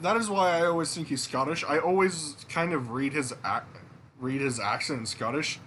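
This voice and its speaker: A man's voice: on the high side, animated, normal speed, bright, forceful tone, slight background noise. A man hosting a casual game let's play, joking and rambling with loose swearing. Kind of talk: casual gameplay commentary.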